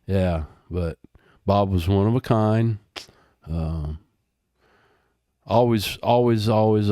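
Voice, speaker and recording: A man's voice: deep voice, dark tone, no room sound, clean studio sound. A man, telling stories in a casual interview. He laughs often and drops "man" and "dude" into his talk. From Texas. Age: 60s. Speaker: guest, retired helicopter pilot.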